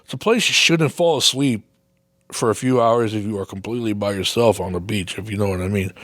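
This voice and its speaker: Speaking a little fast in a fairly low voice, this man hosts his own podcast and spins a long, relaxed story packed with swearing. He acts out exaggerated reactions, and the studio-quality audio has no echo.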